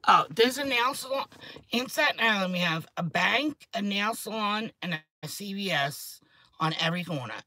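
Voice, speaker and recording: A woman, rambling excitedly and swearing freely in a casual chat to camera, her voice a little hoarse. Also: mid-range voice, moderate pace, dry recording. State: hoarse throat. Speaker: vlogger.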